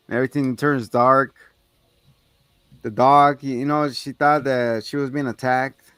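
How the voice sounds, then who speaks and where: A man's voice: medium pitch, flat delivery, measured pace, a bit bright, clear, resonant tone, no echo. A man co-hosting a casual podcast, animatedly retelling a movie scene with profane acted-out quotes. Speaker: podcast co-host. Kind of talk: casual movie recap chat.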